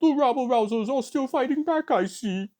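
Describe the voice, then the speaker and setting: A man puts on a scheming cartoon robot lieutenant in an odd, strained voice pitched far above his own. The delivery is formal and careful. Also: expressive, moderate pace, mellow.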